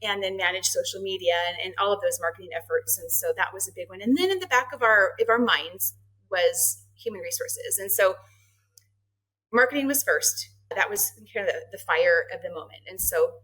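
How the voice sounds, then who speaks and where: Animated, storytelling middle-aged woman. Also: medium pitch, a little fast, husky, rough recording. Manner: animated, acts out quoted dialogue, laughs often. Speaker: marketing and HR head, podcast guest. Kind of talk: casual interview storytelling.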